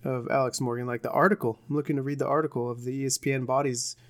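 A man's voice: medium pitch, flat delivery, very fast. A young man co-hosting a casual sports podcast, rambling and joking as he recaps games. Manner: joking, rambling, with put-on bits. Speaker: podcast co-host.

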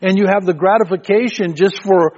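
An older man preaches to his congregation in a conversational, storytelling way, often repeating words as he goes. His voice sits somewhat high for a man. The recording is dull and lo-fi. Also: brisk, a little mellow. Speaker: pastor. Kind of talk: sermon. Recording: muffled, lo-fi sermon recording.

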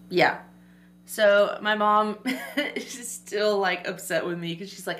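A woman's voice: mid-range voice, steady tone, unhurried, a bit bright, a little hiss or hum. A woman co-hosting a casual podcast, telling stories and laughing often. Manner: laughs often, chatty storytelling. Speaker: podcast co-host.

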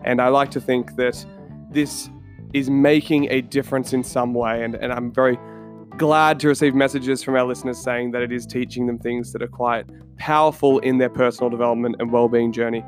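A man's voice: mid-range voice, steady tone, a little fast, soft background music. An Australian man hosting his own podcast, talking earnestly and telling a story to his listeners with questions along the way. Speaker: podcast host and coach. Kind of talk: solo podcast talk. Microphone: studio microphone.

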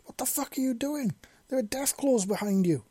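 A man voicing a panicky, battle-worn wasteland drifter who yells and stammers through a helmet modulator. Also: a little high, moderate pace, no room sound, pitched above the performer's own voice. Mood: panicked yelling. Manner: frantic yelling, stammering.

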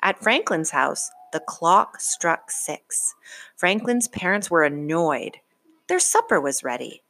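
Storyteller: woman, lower voice, slow and gentle picture-book reading, very dry close sound. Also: very animated, dry recording. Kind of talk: children's storybook read-aloud.

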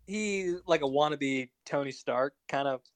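A man's voice: fairly high pitch, a little slow, no room sound. A young man in casual film chat, talking eagerly like a fan and stumbling over fillers. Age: young adult.

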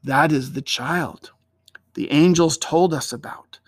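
A man's voice: a little high, slow pace. A man voicing a reverent old shepherd. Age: older. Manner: hushed, reverent.

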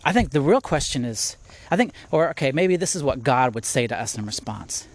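A man's voice: medium pitch, lively intonation, brisk. A middle-aged man hosting a podcast, giving a casual devotional talk while walking outdoors, thinking aloud with restarts. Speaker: podcast host.

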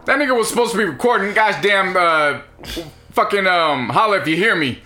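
A man's voice: high-pitched, expressive, fairly quick, pushed and bright. A young man co-hosting a casual podcast chat, telling profane stories. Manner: profane storytelling, mimics people in quotes. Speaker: podcast co-host.

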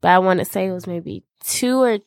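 A woman co-hosting a podcast, telling a party story in lively casual chat. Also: fairly low pitch, brisk, no room sound, clean studio sound. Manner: animated storytelling. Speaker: podcast co-host.

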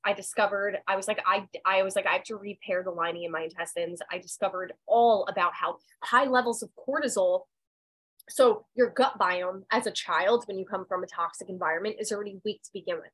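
A woman's voice: mid-range voice, steady tone, fairly quick, fairly bright tone, poor audio. A woman, a podcast guest, telling her personal story candidly and emphatically, swearing freely. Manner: raw and emotional, voice dropping and rising. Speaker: podcast guest, medium and intuitive.

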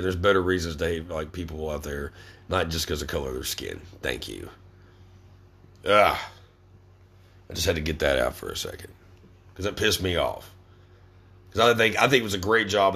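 A man's voice: low voice, fairly bright tone. A young man hosting a podcast, ranting angrily with constant swearing and stammered restarts. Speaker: podcast host. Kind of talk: profane ranting monologue.

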